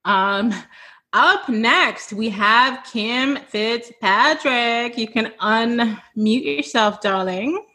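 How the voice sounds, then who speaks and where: A woman's voice: fairly high pitch, very slow. A woman hosting a virtual podcast celebration over a video call, effusive and close to tears as she praises her guests. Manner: effusive, tearful, warm affirmations. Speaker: podcast host. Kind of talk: emotional virtual event hosting.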